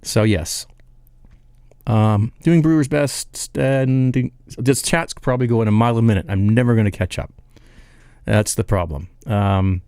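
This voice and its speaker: A man's voice: on the low side, moderate pace, darkish tone, dry recording, studio quality. A man hosting a live home brewing stream, chatting loosely and reading viewer comments aloud, rambling and laughing at himself as he loses his place.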